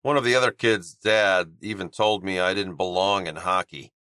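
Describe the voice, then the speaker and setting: A man voicing a guarded young male hockey player in an audiobook, speaking quietly and haltingly in a slightly raspy voice. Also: dry recording, studio quality. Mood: bitter. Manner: quiet, low, halting confession. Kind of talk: audiobook character voice.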